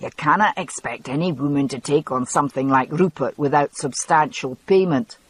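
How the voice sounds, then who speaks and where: A woman reading an audiobook voices a short, balding Highland man with a slow, mocking delivery. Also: husky.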